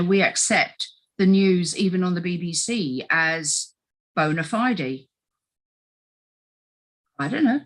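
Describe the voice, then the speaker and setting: A middle-aged woman with a fairly low voice talks through her coaching work in a relaxed interview. She is animated, slipping into quick voices as she quotes people. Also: rough recording. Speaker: health coach guest. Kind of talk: casual conversational interview.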